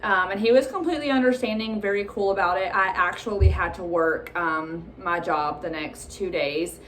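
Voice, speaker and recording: A woman in her thirties telling a personal story to her viewers in a casual, animated way, often laughing and acting out dialogue. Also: mid-range voice, normal speed, a little hiss or hum. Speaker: vlogger.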